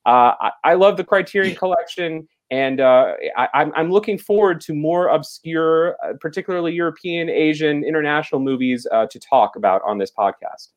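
A man co-hosting a podcast, reviewing a film in rambling, halting casual talk full of fillers and restarts. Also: a little high. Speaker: podcast co-host reviewing films.

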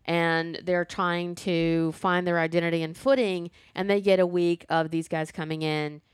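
A woman chatting casually about a TV show, animated and talkative with playful sass. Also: on the low side, moderate pace, clean tone, no echo, clean studio sound. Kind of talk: casual chat reviewing a TV show.

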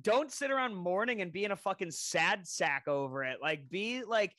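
Bright-voiced young man telling stories. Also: high-pitched, normal speed, no room sound. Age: 20s. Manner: animated storytelling, heavy swearing. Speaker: podcast co-host. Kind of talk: casual podcast chat.

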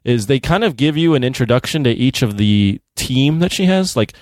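A man's voice: mid-range voice, expressive, moderate pace, a little mellow, no echo, studio quality. A man co-hosting a casual podcast, chatty and teasing, with many fillers. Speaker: podcast co-host. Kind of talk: casual chat.

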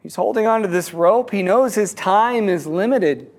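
High-voiced man telling a halting parable. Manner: halting, frequent word repeats and restarts. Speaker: speaker telling a fable.

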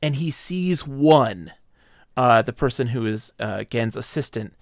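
Guy on a podcast recapping a book, lively, dry close sound. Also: medium pitch, no echo. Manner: animated, slips into quick voices for characters. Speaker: podcast co-host. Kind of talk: casual book discussion, retelling a plot.

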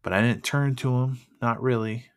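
Man, personal faith testimony, earnest, emotional, halting delivery, mid pitch. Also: clean tone.

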